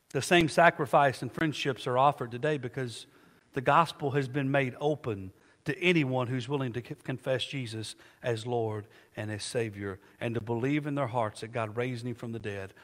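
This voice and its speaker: A man's voice: mid-range voice, normal speed, fairly bright tone. Emphatic male pastor preaching in a reverberant church. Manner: emphatic preaching with call-and-response questions. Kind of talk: sermon. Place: church sanctuary.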